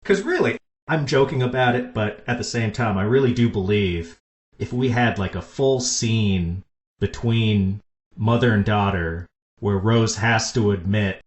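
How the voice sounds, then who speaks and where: A man hosting a podcast in casual chat, enthusiastically pitching ideas. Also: a little slow. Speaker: podcast host. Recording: echoey room.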